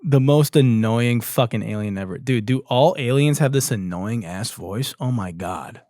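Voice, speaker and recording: A man's voice: mid-range voice, normal speed, mellow, no room sound, studio quality. A man hosting a comedy podcast, profane and exasperated, often breaking into laughter as he comments. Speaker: podcast host.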